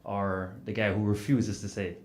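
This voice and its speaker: A man from Jamaica with a Jamaican accent, telling anecdotes as a panelist, animated and full of "you know" fillers. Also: lowish voice, moderate pace. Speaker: panelist author. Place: event hall at a book festival panel. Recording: roomy hall sound with faint noise.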